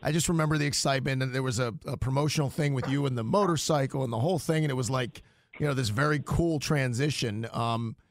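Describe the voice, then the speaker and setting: A man hosting a talk radio show, reading an ad and asking questions in an upbeat, quick manner. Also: medium pitch, a little hiss or hum. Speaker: radio host. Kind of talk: casual talk radio, host-read ad.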